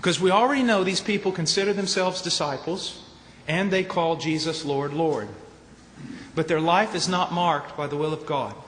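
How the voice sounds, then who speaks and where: A man preaching at a conference, emphatic, ranging from low, quiet statements to shouted points. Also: normal speed. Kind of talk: conference sermon. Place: large conference hall. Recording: echoey hall with faint noise.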